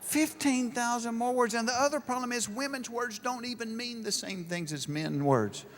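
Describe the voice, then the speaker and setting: A man's voice: extremely high pitch, moderate pace, a little hiss or hum. A middle-aged man doing stand-up comedy, telling stories and acting out both sides of conversations. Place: large live venue with an audience. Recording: live show with hall reverb.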